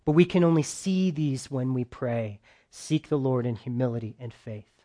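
A man delivers a conversational sermon at a normal pace in a mid-range voice, repeatedly putting questions to his listeners. He swings between loud, emphatic bursts and quiet, soft stretches.

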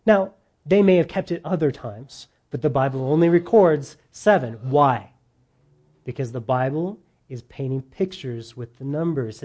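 Animated preacher man, mellow tone. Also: fairly high pitch. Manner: animated, rising loud on points. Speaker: pastor. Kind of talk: sermon.

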